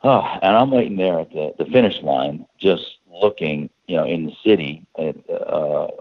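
A middle-aged man telling a story in a rambling, halting way with many restarts. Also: a bass voice. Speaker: guest. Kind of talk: casual storytelling. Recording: phone-like line.

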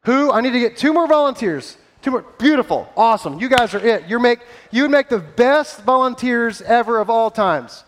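High-voiced playful man on stage. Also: normal speed, few pauses, slight background noise. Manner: playful and energetic, coaching volunteers. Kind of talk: interactive Bible story with volunteers. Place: stage before a live audience.

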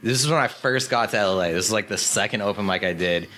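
A man with a low but bright, forceful tone tells a self-mocking story about his own comedy, full of fillers. A faint hum sits behind him. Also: fast talker. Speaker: stand-up comedian. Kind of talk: casual podcast chat.

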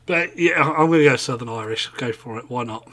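A man's voice: mid-range voice, fairly quick, fairly bright tone. A man with an East Anglian accent co-hosting a casual podcast, rambling and swearing, with many ums and restarts. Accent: East Anglian English. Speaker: podcast co-host.

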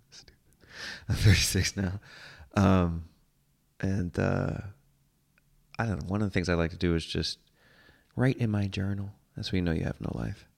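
A man's voice: low voice, steady tone, measured pace, creaky, pauses often. A man, hosting a casual comedic monologue in a rambling, profane, self-mocking way. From United States. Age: 30s. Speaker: podcast host.

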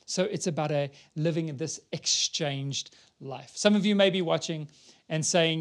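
A man's voice: on the high side, moderate pace. A man preaching a sermon, earnestly reading scripture aloud and building to emphatic peaks.

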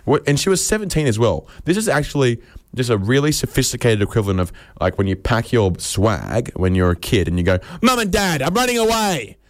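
Sardonic Australian man, lower-pitched voice. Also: expressive, brisk, darkish tone. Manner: sardonic, mock-serious, swings pitch for emphasis. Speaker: comedian. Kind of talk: rambling comic monologue.

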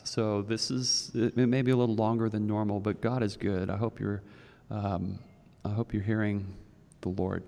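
A man preaches in a loose, storytelling way, doubling back on his words and filling pauses as he goes. His voice sits low and carries a gravelly fry. The sound rings out with the long reverb of a church hall. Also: warm tone. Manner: storytelling, rambling with many restarts. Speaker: pastor. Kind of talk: conversational sermon. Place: church sanctuary.

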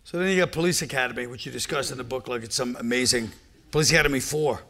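A man's voice: mid-range voice, quick pace, creaky, fairly bright tone. A man, a comedian interviewing a fellow comic on stage, teasing and blunt. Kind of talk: onstage conversation. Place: live audience event hall.

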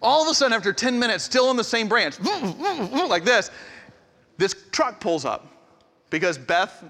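Bright-voiced man in his forties, echoey hall. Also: high-pitched, measured pace. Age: 40s. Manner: animated, self-deprecating storyteller. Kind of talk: humorous story in a sermon.

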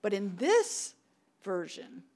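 A woman's voice: medium pitch, big pitch swings, takes it slowly. A middle-aged woman, giving a sermon as a church ministry director, telling stories and repeating her key points for emphasis. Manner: warm storytelling with emphatic repetition.

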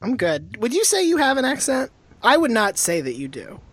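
A podcast co-host in casual chat, throwing in quick jokey interjections. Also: medium pitch, wildly swooping pitch, fairly bright tone, no room sound.

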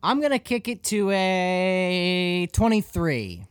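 A man co-hosting a casual podcast, chatty and halting, searching for words. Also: sits high, sing-song, clean tone, no echo. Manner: chatty, halting, lots of fillers and restarts. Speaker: podcast co-host.

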